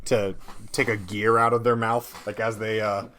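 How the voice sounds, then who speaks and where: A man's voice: on the low side, level tone, normal speed, a bit bright. Laid-back man chatting on a podcast. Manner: laid-back, rambling, laughs easily. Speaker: podcast co-host. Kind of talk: casual chat about tabletop games.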